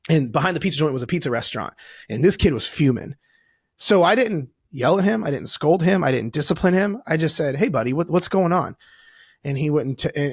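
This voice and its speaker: Husky man telling stories animatedly. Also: on the high side, no room sound, studio quality. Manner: animated storytelling, acts out quoted voices, swears casually. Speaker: podcast guest. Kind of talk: casual podcast conversation.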